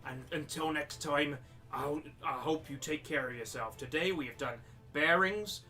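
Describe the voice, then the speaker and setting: A man's voice: fairly high pitch, unhurried, sharp tone, faint music behind. A man teaching a live-streamed maths lesson step by step, slipping into a jokey pirate-like accent. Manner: explains step by step, repeating himself.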